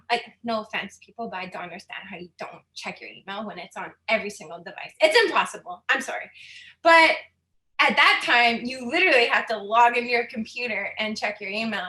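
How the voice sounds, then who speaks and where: Bright-voiced woman telling her story. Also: mid-range voice, echoey room. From Saskatchewan, Canada. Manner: candid, chatty, laughs often, emotional at times. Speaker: guest speaker. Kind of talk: personal storytelling talk.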